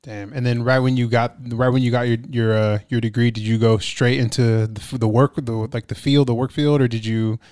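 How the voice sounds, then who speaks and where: Casting: male podcast host, mid pitch, dry close sound, loose rambling casual questioner. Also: steady tone, fairly quick, hardly any pauses, darkish tone, smooth, no echo. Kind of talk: casual interview.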